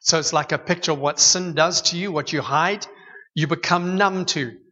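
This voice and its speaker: A man preaching a sermon in a church hall, telling stories with lively humor. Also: fairly high pitch, moderate pace. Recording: dull echoey hall recording.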